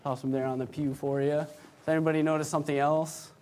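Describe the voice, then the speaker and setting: Young male youth speaker, slightly high voice, chatty storytelling sermon, laughs a lot. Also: brisk. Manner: lively, laughs often between phrases. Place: church.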